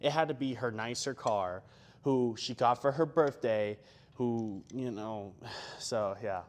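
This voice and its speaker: Between gym sets, a young gym vlogger chats casually in a medium-pitched voice, taking his time. He rambles, using plenty of fillers and self-deprecating asides.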